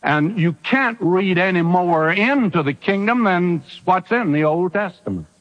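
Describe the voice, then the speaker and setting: Male preacher, high and animated, emphatic, rhetorical questions; dull lo-fi radio sound. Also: unhurried. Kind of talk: sermon.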